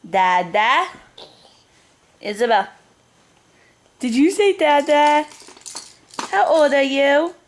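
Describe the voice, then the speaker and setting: A woman's voice: high voice, expressive, slow pace, long pauses. A young woman at home talking to her baby in cooing, sing-song baby talk. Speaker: mother filming her baby.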